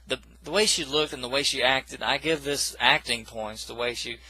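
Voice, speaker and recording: A man's voice: mid-range voice, normal speed, bright, forceful tone, slightly rough, no room sound, rough recording. A man casually recapping a film plot in a rambling, self-correcting way, with dismissive asides. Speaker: movie reviewer.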